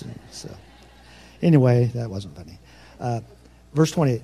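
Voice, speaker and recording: A pastor preaching a sermon, nervous and fast-talking, with folksy asides that swing between soft remarks and loud, ringing proclamation. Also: male voice, on the high side, animated, breathy edge. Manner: folksy, self-deprecating asides.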